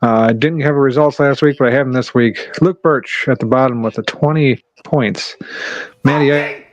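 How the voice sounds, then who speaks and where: A man's voice: medium pitch, normal speed, dull audio. A man hosting a casual sports podcast, brash and swearing freely as he calls for each panelist's picks. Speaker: podcast host.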